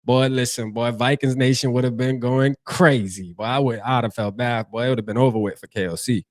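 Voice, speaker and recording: Young charleston guy on a livestream, loose and slangy, dry close sound, keeps reading chat out loud. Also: mid-range voice, steady tone, fairly quick, dry recording. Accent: Charleston, South Carolina. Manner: loose, slangy, repetitive, reads chat comments aloud. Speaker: livestream host. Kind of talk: casual fan livestream chat.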